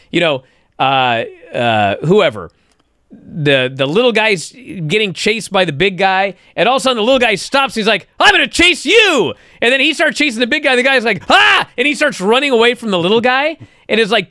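Man, podcast co-host, bright sharp voice, excitable storytelling, dry close mic. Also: sits high, no room sound. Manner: animated, excitable storytelling, acts out moves. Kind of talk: excited wrestling podcast chat. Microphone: close studio mic.

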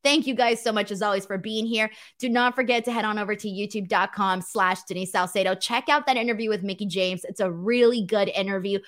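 A woman's voice: medium pitch, steady tone, fairly quick, hardly any pauses, fairly bright tone. A woman from California with a Valley girl accent, hosting a wrestling show in a casual, self-mocking livestream chat with her viewers.

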